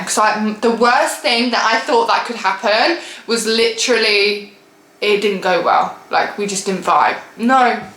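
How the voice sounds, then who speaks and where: A young woman telling a storytime vlog story in an animated, exasperated way and laughing often. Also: mid-range voice, echoey room, rough recording. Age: young adult. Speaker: vlogger.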